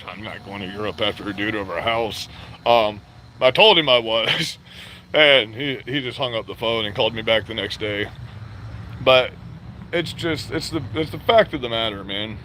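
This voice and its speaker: A man's voice: mid-range voice, sharp tone, a little hiss or hum. A middle-aged man from Florida, ranting bluntly and profanely in a casual vlog. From Florida, USA. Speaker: vlogger. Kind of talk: casual rant to camera.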